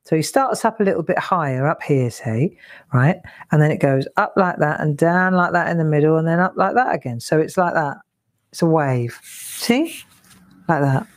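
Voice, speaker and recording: A woman with a low voice talks viewers through drawing scrolls on a live craft stream. She counts her strokes aloud, chats easily and jokes at herself when she slips up. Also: lively intonation, normal speed. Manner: chatty, self-deprecating, counts strokes aloud. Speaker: craft tutor. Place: home craft studio.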